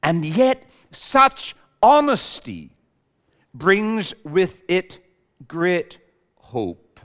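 A man preaching a sermon in a measured, emphatic way, building lists for effect. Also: high voice, sing-song, fairly bright tone. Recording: long reverb of a large hall.

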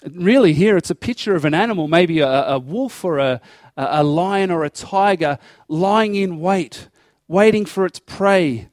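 A man's voice: fairly high pitch, unhurried, a little mellow, no echo, studio quality. A man preaching a sermon, explaining scripture verse by verse and acting out dialogue in an earnest tone. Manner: earnest expository preaching, acting out God's voice in quotes.

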